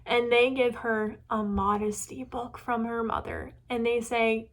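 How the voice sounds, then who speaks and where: A young woman hosting a casual book-review chat, retelling a story in an animated way with quoted asides. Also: on the high side, normal speed, hardly any pauses.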